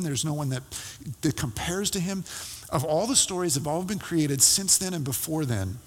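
A man preaching as a pastor, telling a personal story in a conversational, halting way with many fillers and restarts. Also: a little high, animated, in a large hall. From California.

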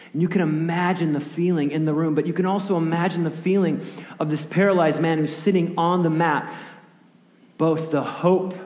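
A male pastor giving a sermon, telling a story vividly and often dropping to a hushed near-whisper, with casual questions to the listeners. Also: fairly high pitch. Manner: conversational, asks the audience questions. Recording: echoey hall with long reverb.

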